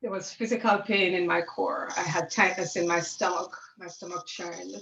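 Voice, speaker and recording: A woman's voice: on the low side, steady tone, normal speed, creaky, fairly bright tone. A woman on a church panel, reading her own poem and reflecting with earnest, building intensity. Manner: earnest, rising intensity in repeated refrain. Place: church town hall. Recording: distant, roomy, dull-sounding.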